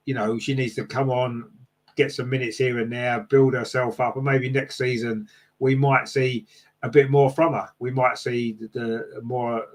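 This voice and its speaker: A man hosting a casual fan podcast, reading out live chat comments and answering them with lots of fillers and tag questions. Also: mid-range voice.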